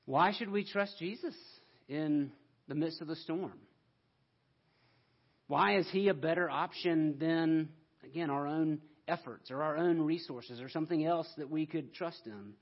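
A man's voice: on the high side, unhurried, dull audio. A man preaching a sermon in an earnest way, pushing up into emphatic questions.

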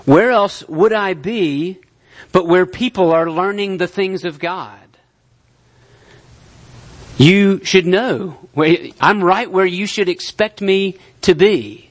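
A man voicing the boy Jesus, calm and earnest, gently insistent as he explains himself. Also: high-pitched, slow pace.

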